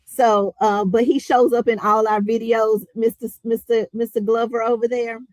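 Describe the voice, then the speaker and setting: A woman's voice: fairly high pitch, little pitch movement, normal speed, darkish tone, no room sound, low-quality recording. A woman hosting a podcast, talking in an upbeat, chatty way. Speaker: podcast host. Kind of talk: casual podcast chat.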